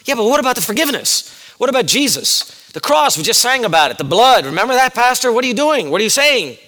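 A man's voice: very high voice, big pitch swings, fast talker, bright, forceful tone, long reverb tail, voice pushed up, heavily acted, low-quality recording. A man voicing an alarmed churchgoer who anxiously objects to the preacher. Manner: anxious, protesting questions.

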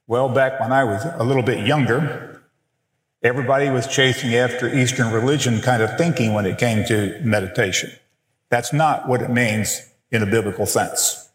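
A middle-aged man teaching a biblical counseling workshop, speaking in a slow, deliberate and emphatic way. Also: mid-range voice. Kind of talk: teaching a workshop session with slides. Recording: echoey hall, long reverb.

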